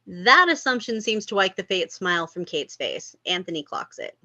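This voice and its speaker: A woman reading stage directions at a table read, expressive with amused asides. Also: fairly low pitch, moderate pace, dry recording. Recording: dull lo-fi sound.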